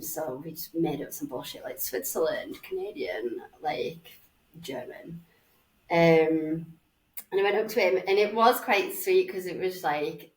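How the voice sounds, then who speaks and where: Unhurried and lowish-voiced, a Northern English woman in her forties chats as a podcast guest, recounting a dating story. She swears freely and does voices for the people involved, all picked up by a slightly distant mic in a roomy space.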